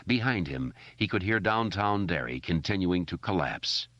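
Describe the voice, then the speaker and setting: Man, audiobook narrator, very deep voice, dry muffled recording. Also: expressive, normal speed, fairly bright tone, no room sound.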